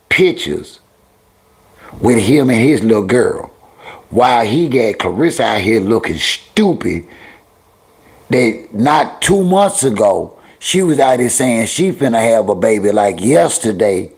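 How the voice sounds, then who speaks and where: A middle-aged livestream host talks directly to his viewers and chat, scolding them in heavy slang with drawling repetitions. His medium-pitched voice has vocal fry and a darkish, slightly rough tone.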